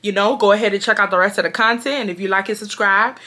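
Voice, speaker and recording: A young woman, chatting casually as a vlogger and telling a story in an animated, slangy way. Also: medium pitch, fast talker. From Houston, Texas. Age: 20s.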